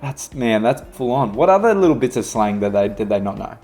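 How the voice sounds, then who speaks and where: A man in his thirties with an Australian accent, hosting a casual podcast chat, slangy and quick to laugh. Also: medium pitch, soft background music. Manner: animated, laughs often, slangy. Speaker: podcast host.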